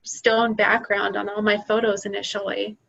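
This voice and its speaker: A woman's voice: mid-range voice, level tone, moderate pace, creaky, fairly bright tone, muffled recording. A woman who sells handmade crafts, talking about her work time in a hesitant way, thinking aloud with ums. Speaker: craft seller being coached. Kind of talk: casual conversation.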